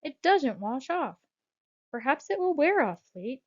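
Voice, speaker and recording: An anxious young female pigeon from a storybook, as a woman narrator puts her on, her voice lifted well above the reader's own and pleading in a high, breathless way. The recording is dull and lo-fi. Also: very animated, unhurried, darkish tone. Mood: worried.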